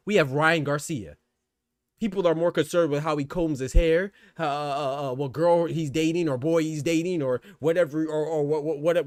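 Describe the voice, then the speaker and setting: A man's voice: a little high, no echo, clean studio sound. A young adult man hosting a boxing podcast, giving emphatic, slangy opinions with lots of restarts and repeated words. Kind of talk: casual opinionated commentary.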